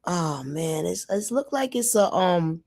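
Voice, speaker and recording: A woman from New York hosting a casual live stream, talking straight to her viewers in a lively way. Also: on the low side, unhurried. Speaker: livestream host. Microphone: phone or computer mic.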